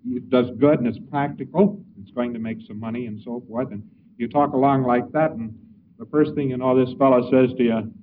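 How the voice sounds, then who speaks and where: A man's voice: mid-range voice, fairly even intonation, normal speed. A man giving an informal lecture in a folksy, anecdotal way, acting out both sides of little dialogues. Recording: tinny lo-fi archival lecture recording, distant mic, faint hiss.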